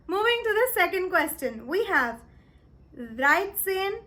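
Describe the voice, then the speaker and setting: A young woman from India teaching German time phrases in a cheerful, encouraging online lesson, slowing down to spell out each phrase. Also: very high voice, pushed and bright.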